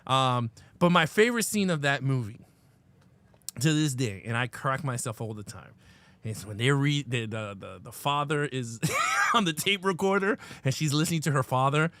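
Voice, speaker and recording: A man co-hosting a casual film review chat, retelling favorite scenes with animated enthusiasm and casual swearing. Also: mid-range voice, normal speed, no echo. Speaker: podcast co-host.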